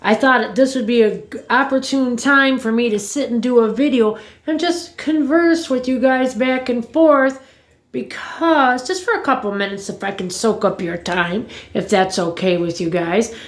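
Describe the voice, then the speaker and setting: A woman's voice: a little high, measured pace. Rambling, blunt woman chatting in a roomy space. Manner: rambling, blunt, swears freely. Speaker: vlogger. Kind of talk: casual chat to viewers. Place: at home. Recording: roomy echo.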